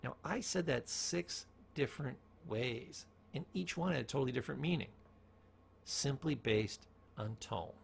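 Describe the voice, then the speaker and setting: A man's voice: mid-range voice, normal speed, a little hiss or hum. A man giving a motivational talk on communication, telling stories and asking rhetorical questions. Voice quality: gravelly, husky voice. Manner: storytelling, asks rhetorical questions, varies tone for emphasis. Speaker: speaker on communication.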